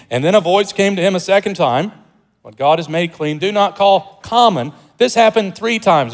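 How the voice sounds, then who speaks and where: A male pastor with a slightly higher voice delivers an excited, joking sermon. He swings between loud, emphatic lines and quiet asides. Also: rough recording. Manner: humorous, conversational preaching with jokes and asides.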